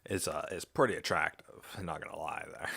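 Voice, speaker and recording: A man with a deep voice and a rough, fry-laced texture talks through a casual reaction session. He stays playful, breaking into laughter and talking to his cat. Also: steady tone, normal speed, sharp tone. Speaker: online content creator.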